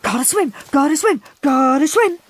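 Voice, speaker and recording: A woman voicing a driven, sporty boy who mutters breathlessly and goes high when alarmed. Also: expressive, moderate pace, dry recording. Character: driven sporty boy, always racing laps.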